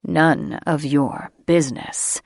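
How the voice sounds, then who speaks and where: A woman doing a low, growling dragon-shifter man. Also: steady tone, slow pace, vocal fry, a little mellow, dry recording, clean studio sound, heavily acted. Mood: stern. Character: stern protective male dragon shifter.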